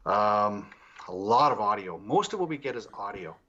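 A man's voice: lowish voice, lively intonation, moderate pace, pushed and bright, highs cut off. A man who investigates the paranormal, telling stories as a guest in a casual interview and rambling through many restarts and fillers.

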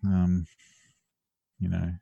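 A relaxed man who chats on a video call and swears freely. His voice sits at an ordinary, mid pitch. The sound is dry, close and plain. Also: drawn-out words, gravelly, husky, no room sound, muffled recording. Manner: laid-back, swears a lot. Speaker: podcast co-host. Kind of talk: casual chat.

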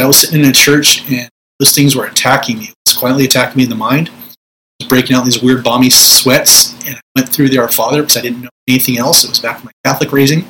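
A man's voice: medium pitch, bright, forceful tone, slight background noise, rough recording. A middle-aged man, a Pentecostal minister, teaching spiritual warfare in a conversational preaching style, acting out prayers in a commanding voice.

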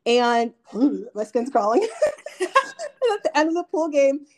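Brief: young woman, podcast co-host, lively storyteller, laughs through her anecdotes, slightly high voice. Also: unhurried, a little hiss or hum. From family from Nigeria. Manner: animated storytelling with frequent laughs. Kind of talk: casual chat.

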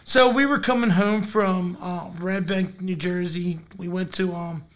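High-voiced chatty man hosting. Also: fairly even intonation, unhurried. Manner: upbeat, giggly, chatty. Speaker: podcast host. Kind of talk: casual chat.

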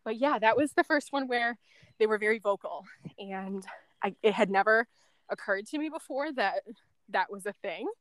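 A woman's voice: medium pitch, expressive, moderate pace, no echo. A woman being interviewed, telling a story casually, with lots of "like" and "um" and small laughs between thoughts. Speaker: guest, former end-of-life caregiver.

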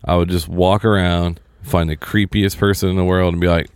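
A man's voice: deep voice, level tone, brisk, clean tone, no echo, clean studio sound. A man in a casual chat, joking and rambling about work.

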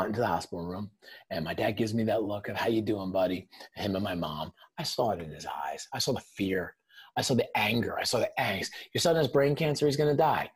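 A man's voice: fairly low pitch, breathy edge. A middle-aged man, a podcast guest, telling a blunt, intense personal story in casual speech with some swearing. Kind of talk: emotional storytelling.

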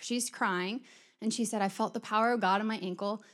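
A woman's voice: medium pitch, steady tone, brisk. A middle-aged woman giving a conversational sermon, chatty and storytelling, acting out quoted exchanges. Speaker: church speaker.

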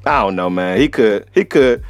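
A man's voice: fairly low pitch, animated, normal speed, highs cut off, soft background music. A man hosting a solo podcast, telling a travel story in a profane, laughing, casual way. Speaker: podcast host.

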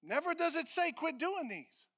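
A man preaching as a pastor, emphatic and repetitive, swinging between loud declarations and hushed lines. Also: very high voice, animated, moderate pace. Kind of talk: sermon.

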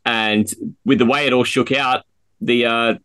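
A man's voice: mid-range voice, steady tone, unhurried, fairly bright tone, smooth, no room sound. An Australian man hosting a fantasy football podcast, chatting enthusiastically with mates. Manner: enthusiastic, matey banter. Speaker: podcast host. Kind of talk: casual chat.

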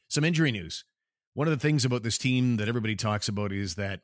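A man hosting a sports talk show, joking around with a sarcastic streak. His voice sits a bit low, and the sound is close and dry, with no room around it. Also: quick pace, dry recording. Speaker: podcast host.

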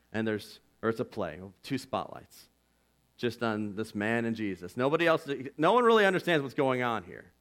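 Guy preaching, talks like he's chatting, goes loud then real quiet, bright sharp voice. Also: on the low side. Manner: impassioned, swings from loud to hushed; earnest and conversational, with "like" and "you know". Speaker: pastor. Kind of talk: sermon.

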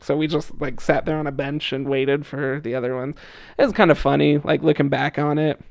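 A man's voice: a little high, flat delivery, brisk, vocal fry, no room sound, studio quality. A young man casually telling a story as a podcast guest, chatty with lots of fillers and frequent laughs. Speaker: podcast guest, returned missionary.

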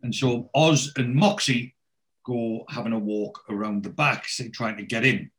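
A man's voice: medium pitch, measured pace, fairly bright tone. A man in casual chat, retelling a TV episode scene by scene and lightly acting out the characters' lines.

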